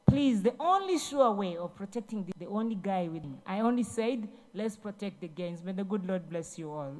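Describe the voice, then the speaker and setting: A woman's voice: medium pitch, animated, moderate pace, darkish tone, a little hiss or hum. A woman, a government minister, giving a ceremony speech, telling Bible stories in a preachy way and repeating herself. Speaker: guest speaker, government minister. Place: large event hall.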